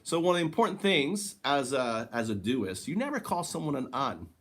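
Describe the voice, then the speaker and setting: A man's voice: mid-range voice, sing-song, normal speed, fairly bright tone. A man giving a rambling spiritual monologue, swearing and correcting himself as he goes. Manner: rambling, profane, self-correcting. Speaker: spiritual teacher.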